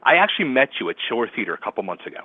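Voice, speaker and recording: A male radio host telling a story in casual chat, excitable and laughing often as he acts out what others said. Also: mid-range voice, rapid-fire, breathy edge, no echo. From Philadelphia area. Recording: tinny phone-line audio.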